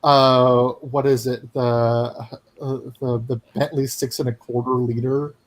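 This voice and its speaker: A man's voice: medium pitch, little pitch movement, takes it slowly. A man chatting casually on a live stream, stumbling over repeated words. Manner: stammering restarts.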